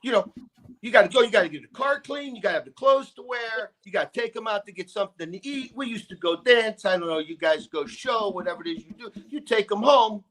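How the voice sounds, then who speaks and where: A man doing a gruff old immigrant dad, pitched way up and loud as he rants in exasperation about how marriage is nothing but aggravation. The voice is bright and cutting, full of swearing and repeated complaints. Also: animated, fast. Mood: exasperated ranting. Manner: loud, exasperated ranting with profanity.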